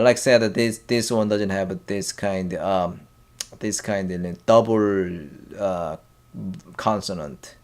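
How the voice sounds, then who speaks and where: A man with a Korean accent teaching a language lesson in a slow, halting way, pausing often and drilling syllables aloud. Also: on the low side. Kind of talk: casual whiteboard lesson.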